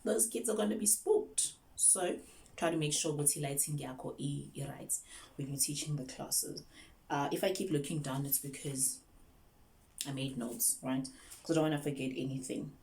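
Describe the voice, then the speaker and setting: A woman's voice: sits low, moderate pace, mellow. A young South African woman, an online English teacher, chatting casually through tips and mixing English with Zulu.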